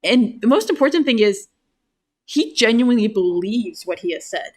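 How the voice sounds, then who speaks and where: A woman's voice: a little high, expressive. A woman narrating her character's actions in a casual tabletop role-play, chatty and full of fillers. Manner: chatty, quick laughs, lots of fillers. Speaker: player and co-narrator.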